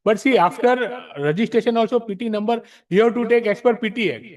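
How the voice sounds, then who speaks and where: Speaking at a tax practitioners' study circle in a library meeting room, this Indian English-accented man has an extremely high, fast voice. He lays out rules for the audience in a blunt, emphatic way, going back and forth between Hindi and English and saying things more than once.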